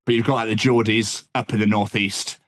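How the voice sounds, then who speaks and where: A man's voice: on the low side, fairly even intonation, fairly quick. A man with an English accent chatting casually as a podcast guest, rambling and tossing in "man" often. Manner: rambling, laughs often, says "man" a lot.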